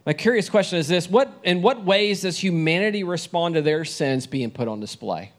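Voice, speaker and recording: A man's voice: high voice, expressive, moderate pace. A young man preaching a sermon in a conversational way, often asking the listeners questions.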